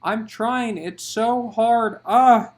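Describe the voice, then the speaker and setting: A man's voice: extremely high pitch, drawn-out words, pitched above the performer's own voice, full character voice. A man voicing a pregnant woman in labor who screams and strains through each line. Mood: frantic.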